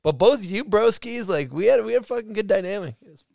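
A man's voice: sits high, animated, fairly quick, vocal fry, a little mellow, dry recording, studio quality. A man from Massachusetts hosting a podcast in casual chat, swearing freely and telling stories with gusto. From Massachusetts, USA. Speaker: podcast host.

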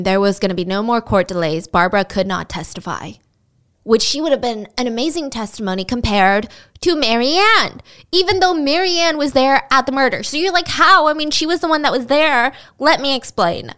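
A woman's voice: on the high side, animated, brisk, fairly bright tone, smooth. A woman telling a true crime story in a casual, chatty way, with sarcastic and incredulous asides.

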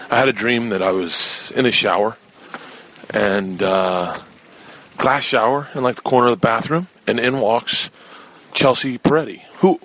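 A middle-aged man telling a comic story in a rambling, profane, conversational way. His pitch swings widely as he talks. The delivery sounds like an offhand podcast monologue. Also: bright, forceful tone, slightly rough. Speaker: podcast host. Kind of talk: comedic storytelling.

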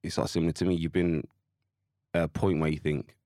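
Very deep-voiced male podcast host. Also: flat delivery, brisk, mellow, no echo, studio quality. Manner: supportive, encouraging interjections. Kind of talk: conversational interview.

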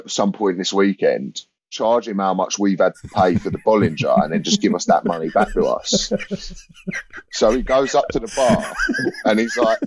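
A man's voice: fairly low pitch, slightly rough, no echo, muffled recording. A man, a comedian, telling rambling anecdotes in casual chat, laughing and restarting often. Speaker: comedian guest.

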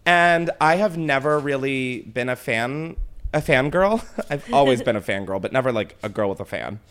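A young man hosts his own show, casually recounting a wild night out with plenty of swearing and put-on voices for dramatic quotes. His voice is medium-pitched and clean, and he speaks at a normal speed, animated throughout.

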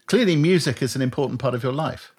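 A man's voice: mid-range voice, lively intonation, fast talker, darkish tone, breathy edge. A man hosting a lunchtime interview, asking wry and probing questions in a chatty way. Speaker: interview host. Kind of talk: conversational interview.

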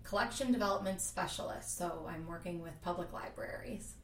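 Friendly woman guest, slightly low. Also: brisk, slight background noise. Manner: friendly, brief answers. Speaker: collection specialist, guest. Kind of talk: casual chat. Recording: roomy.

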